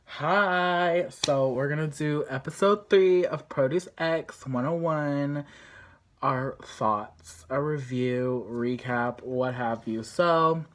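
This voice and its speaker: A woman chatting casually as she recaps and reviews a show episode, talkative and full of fillers, with lively reactions. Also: low voice, takes it slowly.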